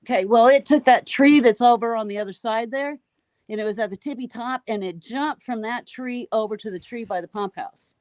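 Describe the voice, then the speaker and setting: A woman's voice: on the high side, a little fast, no room sound. Emphatic woman telling a scary story. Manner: animated, emphatic, repeats key phrases. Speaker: guest recounting encounters. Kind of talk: emotional storytelling.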